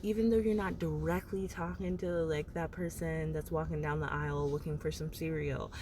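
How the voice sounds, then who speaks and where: A woman's voice: deep voice, steady tone, normal speed, noisy background. A woman giving casual motivational advice to camera, rambling and full of "like", with laughs between thoughts. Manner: rambling, filler-heavy, frequent "like". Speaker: motivational vlogger.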